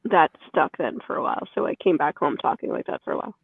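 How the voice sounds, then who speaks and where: Animated New York woman, co-host, heard through phone-like tinny audio. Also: low-pitched, quick pace, gravelly, breathy edge, no echo. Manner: animated storyteller. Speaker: livestream co-host. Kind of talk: casual chat.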